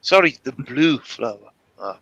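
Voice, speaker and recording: A man's voice: medium pitch, big pitch swings, a little slow, fairly bright tone, breathy edge, no echo, muffled recording. A man chatting on a live call in a mocking, provocative and crude way. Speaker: participant in open discussion. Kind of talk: casual chat on a live voice call.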